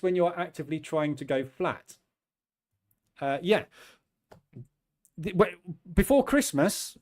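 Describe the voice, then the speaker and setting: A man in his fifties hosting a trading channel, talking in a chatty, self-deprecating way and acting out his own quick asides. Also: on the high side, a little mellow. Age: 50s. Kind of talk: casual chat.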